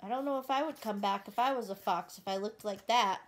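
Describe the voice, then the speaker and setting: A woman reading a picture book aloud, gently pausing to ask the listener questions about the story. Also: medium pitch. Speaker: storybook reader.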